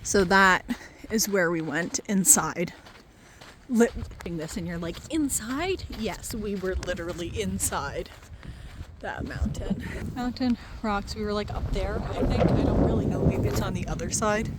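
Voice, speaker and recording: A woman's voice: medium pitch, measured pace. Rambling woman vlogging on a windy trail. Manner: rambling, self-deprecating, chatty. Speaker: van life vlogger. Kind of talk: casual vlog narration while hiking. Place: outdoors on a windy desert trail. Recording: loud wind noise.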